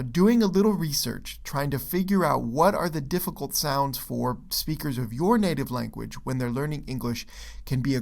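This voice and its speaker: A man's voice: medium pitch, creaky. Man teaching pronunciation, checking in often. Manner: checks in often with "okay?" and "right?"; relaxed, with frequent fillers and restarts. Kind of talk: explanatory video lesson.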